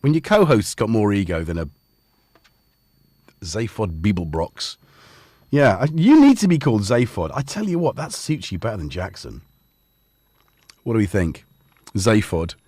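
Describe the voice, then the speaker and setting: A man's voice: fairly low pitch, moderate pace, long pauses, dry recording. Male livestream host, bouncy joking delivery, dry close mic, home studio. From Scotland. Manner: playful, joking, animated asides to chat. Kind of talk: casual livestream chat. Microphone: studio dynamic mic.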